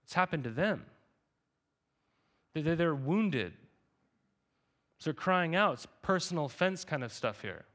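A man's voice: a little high, expressive, unhurried, long pauses, a bit bright. A man in his thirties preaching a sermon as pastor, talking in a conversational way and often checking in with the congregation. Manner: conversational, repeats "right?" to the congregation.

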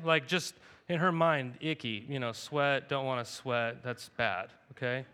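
A man's voice: mid-range voice, normal speed, few pauses, bright, forceful tone, slight background noise. A man in his thirties preaching a sermon as pastor, talking in a conversational way and often checking in with the congregation. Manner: conversational, repeats "right?" to the congregation.

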